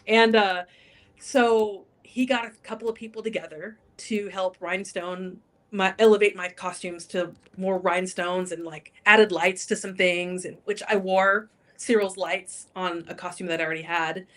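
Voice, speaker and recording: A woman's voice: medium pitch, fairly even intonation, normal speed. A woman guest on a talk show, telling a story casually, acting out quotes and laughing often. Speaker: guest, drag king entertainer.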